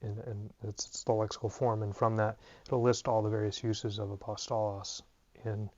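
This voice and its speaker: A man's voice: fairly low pitch, level tone, normal speed, darkish tone, dry recording. A tired man teaching a casual Greek grammar lesson, thinking aloud with plenty of ums and uhs. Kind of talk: unscripted lesson. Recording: dull lo-fi recording.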